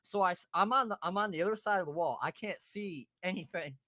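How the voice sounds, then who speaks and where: A podcast host spins a rowdy tale with lots of cursing, bursts of laughter and quick impressions of his buddies. His voice sits a bit high for a man and has a bright, forceful edge. The sound is dry and close, with no room around it. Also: no room sound. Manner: animated, swearing, laughing, acting out friends' voices. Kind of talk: casual storytelling.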